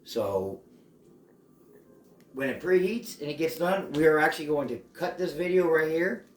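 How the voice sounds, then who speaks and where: A man's voice: on the high side, lively intonation, moderate pace, slight background noise. A man hosting a casual cooking demonstration at home, chatty and playful. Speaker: cooking show host. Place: home kitchen. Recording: echoey home kitchen.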